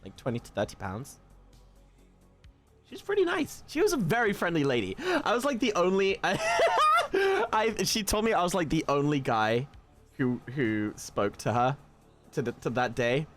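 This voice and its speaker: A man from the south of England with a southern English accent, chatting casually with his live audience. He stammers into restarts and jumps into high excited squeals. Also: normal speed, pauses often, soft background music. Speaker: livestreamer. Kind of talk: casual chat reading live comments.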